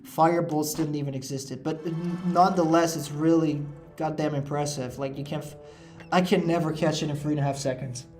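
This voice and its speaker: A man with a slightly higher-than-average voice gives loose, rambling commentary while he plays a video game, filling his talk with "like" and "uh". Faint game music sits quietly behind him. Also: steady tone, fairly quick. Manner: rambling, lots of "like" and "uh" fillers. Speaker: let's play host. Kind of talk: casual gameplay commentary.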